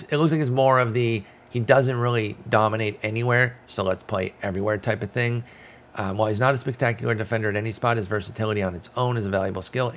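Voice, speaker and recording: A man hosting a casual fantasy baseball talk, rambling and correcting himself as he reads out stats. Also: lowish voice. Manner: rambling, self-correcting, frequent fillers. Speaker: fantasy baseball podcast host. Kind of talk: casual analytical chat.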